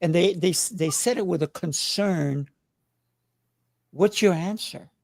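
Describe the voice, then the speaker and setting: A man's voice: high voice, unhurried, vocal fry, a little mellow, no echo, studio quality. A man hosting a casual conversation, coaching with rhetorical questions. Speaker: host.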